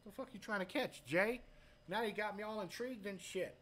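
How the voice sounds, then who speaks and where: Profane, animated man from Hawaii. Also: high-pitched, a little fast, a little hiss or hum. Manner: loud, profane, animated storytelling; reads chat aloud and talks to viewers. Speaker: live stream host. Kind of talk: profane casual live-stream chat.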